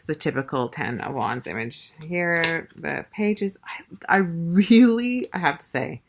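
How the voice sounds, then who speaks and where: Chatty woman with a lively, lowish voice. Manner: chatty and gushing, many fillers and restarts. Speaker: tarot deck reviewer. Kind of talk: casual show-and-tell review.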